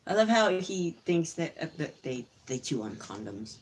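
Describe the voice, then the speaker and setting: A woman's voice: deep voice, sing-song, moderate pace, breathy edge. A woman co-hosting a casual livestream chat, telling rambling stories with frequent giggles and restarts. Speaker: co-host.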